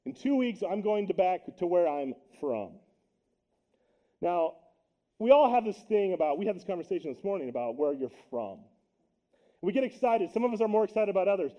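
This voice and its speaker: A man preaching a sermon to his church as pastor, energetic and joking, rising to shouts on key points. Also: high voice, fairly quick, lo-fi sound. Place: church sanctuary.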